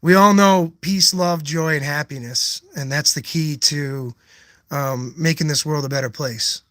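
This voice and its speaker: Bright, high-voiced man chatting on a live stream. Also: measured pace, no echo. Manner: rambling, answering chat comments one by one; effusive and earnest, often thanking viewers. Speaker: poet hosting a live stream. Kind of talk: casual live-stream chat with viewers.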